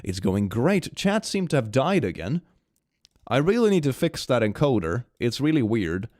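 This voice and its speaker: Animated young man chatting on stream. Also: medium pitch, normal speed, no echo. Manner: animated, giggly, swings from hushed to excited. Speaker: streamer reading fan memes. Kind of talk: casual livestream chat.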